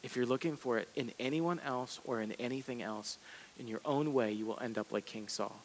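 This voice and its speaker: A man preaching a sermon in a relaxed, conversational way, with self-deprecating asides and emphatic repetition. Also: medium pitch, fairly quick, a little hiss or hum, low-quality recording. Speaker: pastor. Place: church sanctuary.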